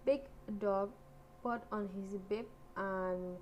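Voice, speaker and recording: A woman reads a fairy tale aloud, lilting and expressive. Her pace is slow and deliberate, and a faint hiss sits beneath her voice. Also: medium pitch, muffled recording. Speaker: storyteller.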